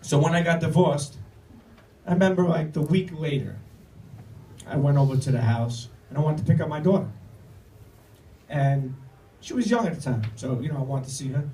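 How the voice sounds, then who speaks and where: A man's voice: fairly high pitch, lively intonation, normal speed, mellow, slight background noise. Profane, rambling middle-aged male comedian. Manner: profane, rambling, with stammered restarts. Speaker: comedian telling a story. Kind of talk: stand-up storytelling on stage. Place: comedy club stage with audience. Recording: echoey room, recorded from far off.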